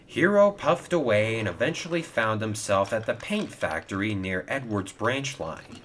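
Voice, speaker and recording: A man narrating a children's story, lively and expressive. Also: on the low side, normal speed, few pauses, slight background noise.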